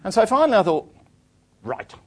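A man's voice: mid-range voice, expressive, normal speed. Rambling man telling a story. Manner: rambling, self-deprecating, frequent restarts. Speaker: author giving a talk. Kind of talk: anecdotal storytelling to an audience.

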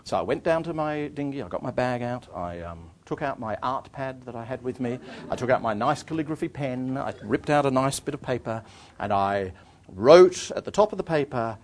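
A man's voice: mid-range voice, very animated, moderate pace. Rambling man telling a story. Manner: rambling, self-deprecating, frequent restarts. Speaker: author giving a talk. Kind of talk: anecdotal storytelling to an audience.

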